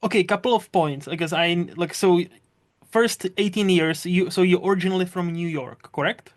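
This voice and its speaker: A woman's voice: fairly low pitch, normal speed. A woman hosting a podcast interview over a computer call, giving short, affirming replies. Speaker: podcast host. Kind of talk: casual interview.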